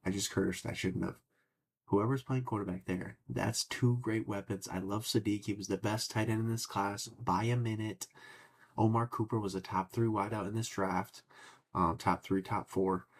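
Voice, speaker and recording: A man's voice: fairly low pitch, steady tone, moderate pace, slightly rough. A young man hosting a casual sports podcast, opinionated and rambling, cursing now and then. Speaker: podcast host.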